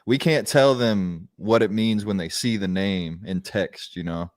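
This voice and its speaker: A man co-hosting a podcast, trading dry quips and measured points. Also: on the low side, dry recording. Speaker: podcast co-host. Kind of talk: casual chat.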